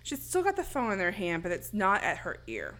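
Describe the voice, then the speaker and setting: A woman's voice: medium pitch, a little fast. A woman casually retelling a horror movie scene, acting out the lines and laughing often. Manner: animated storytelling, acts out quotes, laughs often. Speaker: podcast co-host. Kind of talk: casual movie recap chat.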